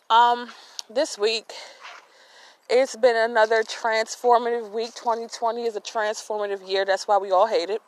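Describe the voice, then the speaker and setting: A woman's voice: on the high side, poor audio. A woman hosting a faith podcast, talking outdoors into her phone, earnest and a little out of breath, often repeating words as she searches for them. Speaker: podcast host. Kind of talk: casual faith talk.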